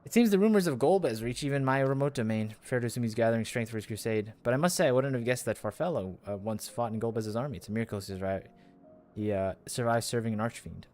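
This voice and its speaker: A man reading the lines of a stern voidsent lord who rules over its domain, in a measured, commanding, slightly hushed voice, with faint game music behind. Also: medium pitch, lightly acted. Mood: explaining. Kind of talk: reading game dialogue aloud.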